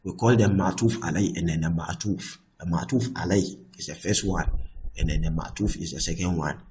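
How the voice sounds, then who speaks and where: Man, grammar teacher, lowish voice, patient, step by step, recorded lesson. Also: brisk, a little mellow, low-quality recording. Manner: repeats "I hope that is clear", explains patiently step by step; slips between English and Arabic example sentences.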